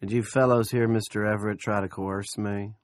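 A man voicing a smug, menacing older town boss who speaks slowly and oilily. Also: lowish voice, steady tone, no room sound, clean studio sound, natural voice.

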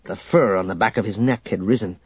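A man narrating an audiobook in a steady storytelling manner, in a dull, dry recording. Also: lowish voice, a little fast, husky, no echo.

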